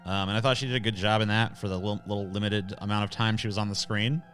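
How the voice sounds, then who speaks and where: A man's voice: fairly low pitch, fairly even intonation, fast talker, fairly bright tone, soft background music. A man hosting a casual livestream, reading chat questions aloud and answering in a blunt, sarcastic, profane way.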